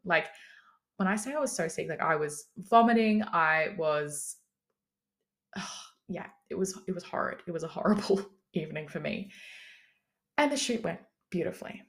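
A young woman with a slightly low-pitched voice talks through a solo podcast episode. She speaks candidly and casually, with plenty of "like" fillers and the odd swear word. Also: lively intonation, normal speed, pauses often. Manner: casual, chatty, swears freely, frequent "like" fillers. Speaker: business coach, podcast host.

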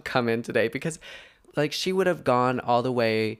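Animated and moderately paced, a young man with a clean, medium-pitched voice hosts his podcast. He rants casually, rambling on with lots of fillers and frequent self-corrections.

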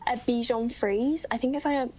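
A woman's voice: on the high side, steady tone, normal speed, darkish tone, rough recording. A teenage girl from Britain, a guest in a casual interview, chatty, saying "like" a lot and laughing easily. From Great Britain. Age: teens.

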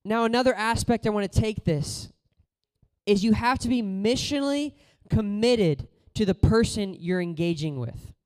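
A man preaching a sermon in a casual, conversational way, telling stories and moving between loud exhortation and quiet, low moments. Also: expressive, moderate pace, smooth.

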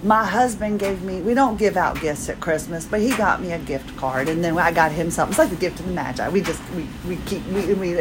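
A woman's voice: fairly low pitch, fairly quick, few pauses, noisy background. A woman hosting her own podcast, chatting in a rambling, self-deprecating way while tired and moving carefully at home. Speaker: podcast host. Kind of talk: casual personal monologue. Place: home, house chores around her.

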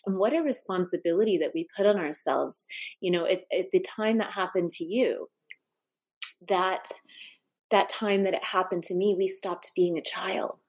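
Middle-aged woman guest, slightly low voice, earnest, tells stories with frequent restarts. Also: moderate pace, husky. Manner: heartfelt, with many restarts and asides. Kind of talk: personal storytelling in a conversation.

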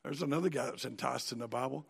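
A man preaching a sermon in a folksy, animated storytelling manner. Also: mid-range voice, fast, creaky, husky. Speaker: pastor.

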